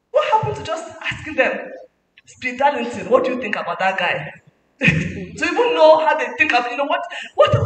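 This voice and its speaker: A woman giving an animated, preachy motivational talk as a guest speaker at a parenting summit. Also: a little high. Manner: animated, preachy, mixing in laughs. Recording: echoey hall from far off, faint noise.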